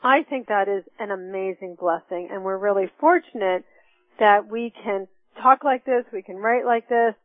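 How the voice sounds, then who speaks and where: A middle-aged woman teaches a class on forgiveness, earnestly and reflectively stepping through the process with examples from her own life. Her medium-pitched voice moves at a moderate pace, and the dry, echo-free recording has a tinny phone-line quality.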